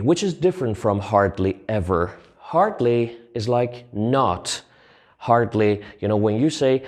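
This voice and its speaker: Man teaching a grammar lesson, slow and deliberate. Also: medium pitch, darkish tone. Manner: slow, deliberate explanations with spoken example sentences. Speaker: English teacher.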